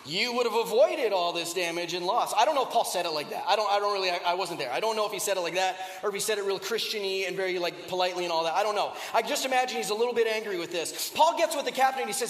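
Male preacher with a very high voice, chatty and full of rhetorical questions, recorded in a reverberant church hall. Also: racing, hardly any pauses, fairly bright tone. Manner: conversational storytelling with rhetorical questions. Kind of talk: sermon. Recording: echoey hall with long reverb.

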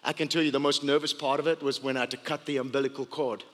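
A male pastor giving a sermon as animated, playful storytelling. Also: mid-range voice, fast. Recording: long hall reverb.

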